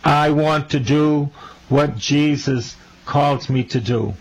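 A man's voice: a little high, takes it slowly, rough recording. A man preaching a sermon as a priest, fervent and repeating his phrases for emphasis.

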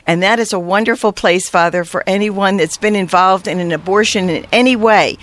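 A woman guest telling heartfelt stories in an earnest, halting conversational way, with frequent fillers. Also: medium pitch.

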